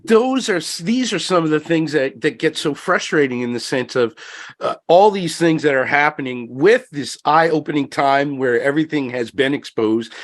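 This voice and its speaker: A man hosting a round-table discussion, reflective and growing passionate, with many fillers. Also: on the high side. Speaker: podcast host.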